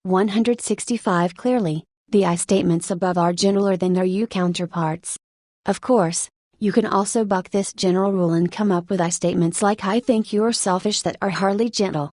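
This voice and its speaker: A woman narrating a nonfiction audiobook in a steady, even read-aloud manner. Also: lowish voice, moderate pace, no echo, clean studio sound.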